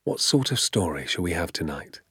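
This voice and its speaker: Brief: narrator doing a conspiring dad, low-pitched, hushed and eager, dry close sound. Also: male voice, sing-song, brisk, slightly rough, dry recording, exaggerated voice. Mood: plain. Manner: conspiratorial, hushed then fervent. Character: excitable scheming father, poacher, middle-aged man. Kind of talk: audiobook character voice.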